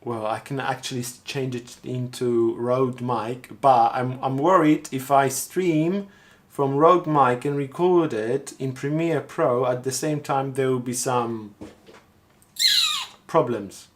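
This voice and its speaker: A man's voice: mid-range voice, steady tone, takes it slowly. A man talking casually on a live stream, thinking aloud and rambling as he repeats himself. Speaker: street artist streaming live.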